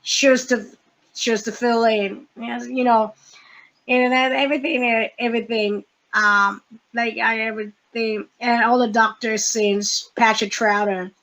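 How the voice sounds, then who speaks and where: A woman hosting a casual fan podcast, talking in a halting way with many fillers and restarts. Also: a little high, fairly even intonation, a bit bright, poor audio. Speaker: podcast host.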